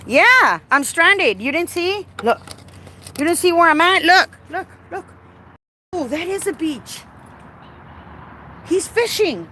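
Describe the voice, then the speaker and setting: A woman's voice: very high voice, lively intonation, slow pace, long pauses, sharp tone. Playful woman vlogging outdoors by her car. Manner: chatty, playful, talks to her car and viewers. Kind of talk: casual live-stream chat. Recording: outdoor recording with clear background noise.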